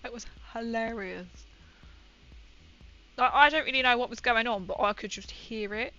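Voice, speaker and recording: Bright-voiced chatty woman streamer. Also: fairly high pitch, moderate pace, muffled recording. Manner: rambling, chatty, giggly storyteller. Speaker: livestreamer painting miniatures. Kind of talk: casual chat while painting.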